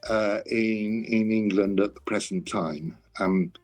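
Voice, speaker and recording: A man's voice: lowish voice, steady tone, slow, a little mellow. Hesitant older man with dry humor. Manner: hesitant, stammering restarts, dry self-mocking humor. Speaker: classics scholar. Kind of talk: conversational interview.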